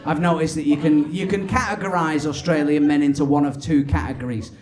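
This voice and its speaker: A male stand-up comedian, animated and swearing, on a comedy club stage. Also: a little high, fairly quick. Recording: live club with crowd laughter.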